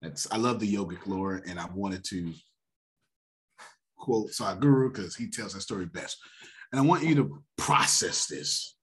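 A man hosting a motivational finance talk, animated and preacher-like, often laughing. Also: on the low side, a little slow. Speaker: host.

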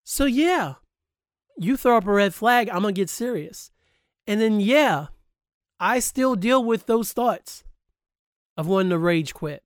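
A man's voice: high voice, lively intonation, unhurried, pauses often, no room sound, clean studio sound. Candid man in a heartfelt monologue. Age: adult, grew up past high school. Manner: candid, emphatic, swears freely. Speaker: podcast host. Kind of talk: personal monologue.

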